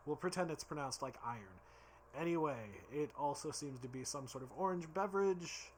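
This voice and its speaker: A man's voice: on the high side, animated, a little fast, slight background noise. A tipsy man rambling and giggling as he reviews drinks in a casual vlog, stumbling over his words.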